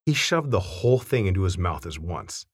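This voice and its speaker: A man reads a funny family story aloud with a wry, animated delivery. His voice sits low but swings widely in pitch, and it has a husky edge. The recording is dry and close. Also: normal speed, no room sound. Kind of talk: reading a family anecdote aloud.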